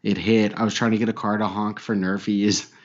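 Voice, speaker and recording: A man's voice: on the low side, flat delivery, brisk, muffled recording. A man co-hosting a podcast in casual banter, joking, laughing often and swearing. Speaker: podcast co-host.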